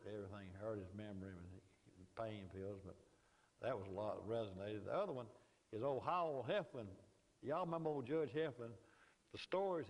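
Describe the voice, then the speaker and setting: A man's voice: fairly low pitch, a little mellow, long reverb tail, rough recording. An older man with a Southern accent telling folksy political anecdotes to an audience, dotted with "you know.". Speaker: guest speaker. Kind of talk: storytelling lecture. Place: lecture hall.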